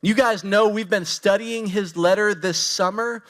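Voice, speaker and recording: Pastor, male, 40s, high-pitched; relaxed, candid storytelling preaching that addresses the room directly. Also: unhurried. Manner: candid, storytelling, talks straight to the congregation. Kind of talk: conversational sermon.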